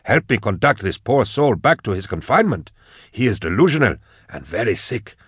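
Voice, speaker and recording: A gentle male hospice carer in robes speaks in a soft, deep, soothing voice, as a man reads him in an audiobook. He stays calm and quiet throughout, recorded close and dry. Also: moderate pace, slightly rough, no room sound, full character voice. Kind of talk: audiobook reading.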